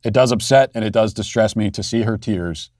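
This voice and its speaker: Male show host, mid-pitched, sarcastic and mocking, dry close studio sound. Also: fairly quick, darkish tone, no echo. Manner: mocking, does sneering voices of opponents. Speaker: political commentary host. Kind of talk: sarcastic political commentary monologue.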